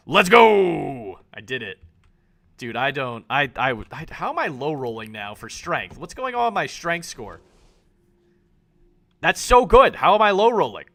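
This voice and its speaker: A man live-streaming a game, excitable and swearing, joking at himself while reading the on-screen text aloud. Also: on the high side, measured pace.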